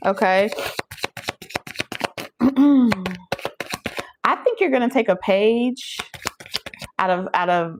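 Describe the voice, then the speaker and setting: A woman giving a casual channeled tarot reading, talking straight to her viewers in an animated, preachy way and laughing often. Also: fairly high pitch, slow, long pauses, background noise. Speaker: tarot reader.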